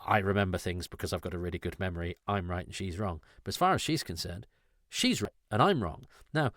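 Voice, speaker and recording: Speaking quickly and with animation, this man's low, slightly bright voice comes through with no room sound. He's a podcast host in a casual chat, rambling and cutting himself off as he reflects candidly.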